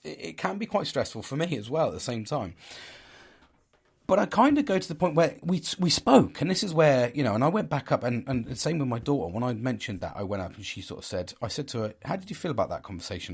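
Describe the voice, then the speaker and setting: A middle-aged man talks in a rambling, candid way, stumbling over his words and restarting often. He swears freely and laughs at himself. His voice sits at an ordinary pitch for a man. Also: animated, quick pace, creaky, breathy edge. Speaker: podcast host. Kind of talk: casual chat.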